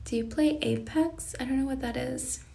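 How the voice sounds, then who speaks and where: A woman's voice: high-pitched, moderate pace, gravelly, dark tone. A young woman, a life coach, chatting earnestly on a live stream and reading out viewers' questions. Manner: earnest, reflective, reads viewer questions aloud. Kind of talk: casual live-stream chat. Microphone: phone or webcam on a live stream.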